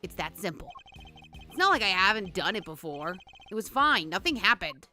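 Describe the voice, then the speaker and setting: A woman's voice: mid-range voice, very animated, normal speed, sharp tone, faint music behind. A woman voicing a defiant thirteen-year-old boy actor who answers sullenly. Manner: sullen, defensive.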